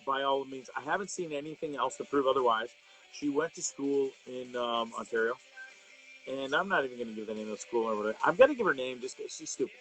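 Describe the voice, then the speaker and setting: A man's voice: mid-range voice, fairly bright tone, low-quality recording. A middle-aged man hosting a live online show, talking casually and ranting with profanity, rambling with fillers and restarts, and reading viewer comments aloud.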